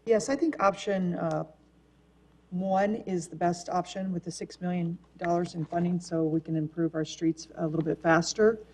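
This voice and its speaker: A woman on a city council giving a plain, measured opinion in a public meeting. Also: fairly low pitch, steady tone, a little mellow, a little hiss or hum. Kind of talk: council debate.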